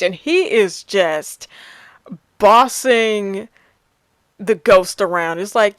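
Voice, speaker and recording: A woman's voice: medium pitch, lively intonation, takes it slowly, pauses often, no echo. A woman in her thirties chatting casually about her favorite films, laughing often and restarting her sentences. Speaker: movie reviewer. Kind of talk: casual movie review chat.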